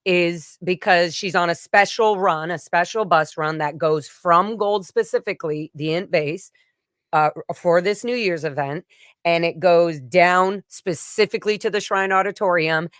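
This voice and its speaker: Smooth-voiced woman telling a personal story. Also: on the low side, moderate pace, fairly bright tone, no echo, studio quality. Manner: rambling, emotional retelling with frequent "like" fillers. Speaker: vlogger recounting a personal event. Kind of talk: casual storytelling to camera.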